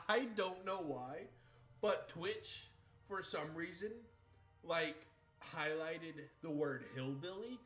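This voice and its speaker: Chatty streamer from Maine, bright and echoey. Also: male voice, on the high side, lively intonation, very slow. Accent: New England with some Southern creeping in. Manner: chatty, rambling, laughs easily. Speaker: livestream gamer. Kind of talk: casual chat while streaming. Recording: echoey room with faint game music.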